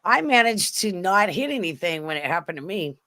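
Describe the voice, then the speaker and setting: A middle-aged woman from Southern California telling anecdotes in casual chat, expressive and quick to laugh. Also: fairly low pitch. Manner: expressive, laughing, acts out voices.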